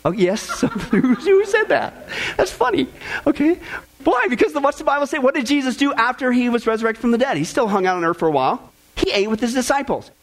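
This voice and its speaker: A male pastor preaching a sermon to a congregation in an animated, joking way, laughing at his own jokes. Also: extremely high pitch, fast. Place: church with congregation.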